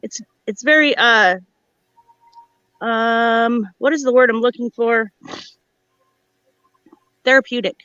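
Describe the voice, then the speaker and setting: Rambling woman guest, higher voice, muffled dry phone audio. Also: slow, pauses often, bright, forceful tone, clear, resonant tone, dry recording. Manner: rambling, searches for words. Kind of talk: casual chat.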